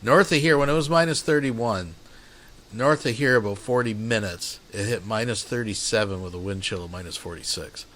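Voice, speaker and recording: A man's voice: fairly low pitch, normal speed, fairly bright tone. Rambling, profane man hosting a stream. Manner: rambling, profane, addresses viewers as folks. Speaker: streamer host. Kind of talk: casual reaction commentary.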